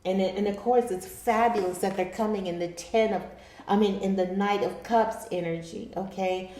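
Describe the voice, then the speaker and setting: A woman's voice: medium pitch, fairly even intonation, normal speed, warm tone. A woman giving a chatty tarot reading to her viewers, calling them her darlings. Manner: chatty, laughs often, addresses viewers as darlings. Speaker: tarot reader. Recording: echoey room.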